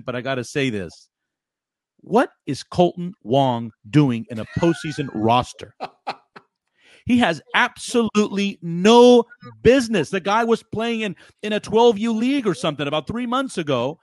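A man's voice: on the high side, no echo, clean studio sound. A man co-hosting a sports podcast, ranting heatedly and often repeating his words. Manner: fired up, repeats words, rants loudly. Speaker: podcast co-host.

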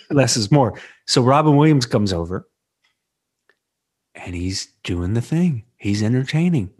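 Husky-voiced man telling stories. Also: mid-range voice, measured pace. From Los Angeles. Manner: storytelling, animated. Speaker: podcast co-host. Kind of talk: casual chat.

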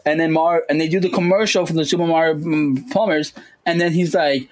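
A man with a fairly high voice chats casually as a podcast co-host. He talks in an animated way, leaping into squeaky tones whenever he quotes someone. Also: fairly quick, poor audio. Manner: animated, jumps into high voices when quoting. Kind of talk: casual chat.

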